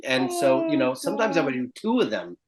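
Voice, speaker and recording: A man's voice: mid-range voice, brisk, over a noisy crowd. A man guest on a podcast, telling stories in casual conversation and acting out the voices of people he quotes. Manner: animated storyteller, acts out quoted voices. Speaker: actor and stand-up guest.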